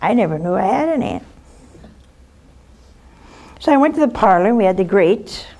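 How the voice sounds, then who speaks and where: Speaking at a moderate pace in a sing-song, mid-range voice with a darkish tone, an older nun counsels a caller. She tells personal stories earnestly and directly, frequently ending points with "huh?" or "see?".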